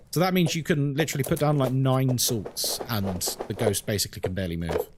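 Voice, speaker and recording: A British man live-streams a horror game, his medium-pitched voice expressive and fairly quick with few pauses, and there's background noise. He chats casually with his viewers, explaining things and answering chat, sprinkling in plenty of "like" and "um."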